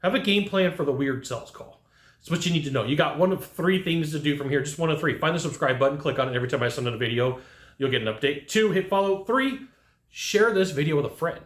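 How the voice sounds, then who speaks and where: A man's voice: fairly high pitch, fast, roomy sound. A man giving a casual coaching lesson on sales, acting out little bits of dialogue as he goes. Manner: animated, acts out quoted dialogue. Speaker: sales trainer. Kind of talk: coaching talk to camera.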